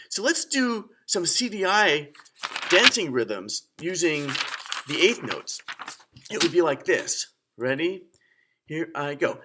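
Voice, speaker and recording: A man's voice: on the high side, expressive, a little slow, bright, forceful tone. A young man teaching a children's music lesson, counting and chanting rhythms aloud in an upbeat way.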